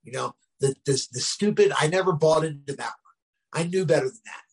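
Husky middle-aged New man. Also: fairly high pitch, fairly quick, low-quality recording. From New Jersey, US. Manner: rambling, frequent "you know what I mean" fillers. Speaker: guest. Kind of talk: casual storytelling.

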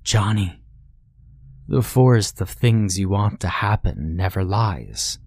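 A man's voice: deep voice, lively intonation, slow pace, a little mellow, breathy edge, no echo, studio quality, exaggerated voice. A man doing a cold, scolding mother. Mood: contemptuous. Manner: scolding, contemptuous. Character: cold accusing mother figure.

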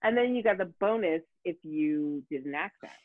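Animated woman on a tinny line. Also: low-pitched, moderate pace, no echo. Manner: animated, profane, frequent fillers and restarts. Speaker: guest. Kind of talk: casual storytelling. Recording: tinny phone-like dry sound.

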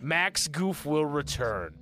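A man's voice: fairly high pitch, slow, soft background music. A man hosting a podcast, reading a fan-written comedy script aloud and laughing as he goes. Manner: animated, laughing through narration. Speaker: podcast host.

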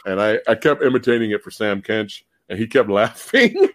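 A man hosting a casual live-stream podcast about movies, animated, laughing often and swearing casually. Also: fairly low pitch, moderate pace, few pauses, dry recording. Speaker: podcast host.

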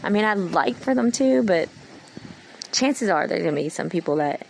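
A woman's voice: medium pitch, animated, moderate pace, vocal fry, slight background noise, poor audio. A woman in her thirties talking in a rambling, earnest personal monologue to her followers. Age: 30s. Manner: meandering, earnest, heartfelt. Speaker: vlogger.

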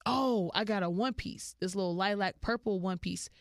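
Woman podcast host, slangy casual storyteller, clean dry mic, smooth voice. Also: normal speed, no room sound. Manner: animated, slangy, jumps into high-pitched quoted voices.

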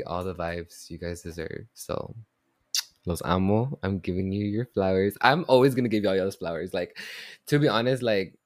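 Recorded dry and at studio quality, this solo podcast features a young man from the U.S. whose low voice is a bit mellow. He chats casually, wandering off topic, sounding fond, and using plenty of fillers. There is also the unclear word "touches."

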